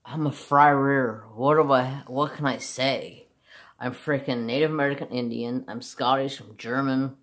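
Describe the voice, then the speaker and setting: Very deep-voiced rambling woman vlogger. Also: fairly even intonation, measured pace. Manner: rambling, laughs a lot, swears casually. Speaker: craft vlogger. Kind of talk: casual rambling chat.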